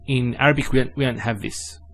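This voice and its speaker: A man's voice: mid-range voice, fairly even intonation, fairly bright tone, a little hiss or hum. Patient man teaching Arabic letter sounds. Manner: patient, repeats sounds slowly and carefully. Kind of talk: spoken lesson.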